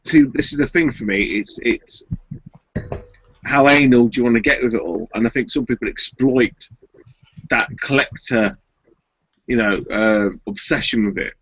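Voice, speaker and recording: A British man with a bright, forceful voice talks in a blunt, jokey way and swears freely. The call audio is a bit muffled. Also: mid-range voice, normal speed, pauses often, slightly rough. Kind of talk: casual chat.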